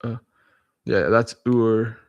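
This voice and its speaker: A man's voice: fairly low pitch, fairly even intonation, slow pace, no echo, lo-fi sound. Chuckling man reading abbreviations aloud. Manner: chuckling often, self-correcting, rambling asides; spells out abbreviations letter by letter. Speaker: vlogger. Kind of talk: casual reading-aloud vlog.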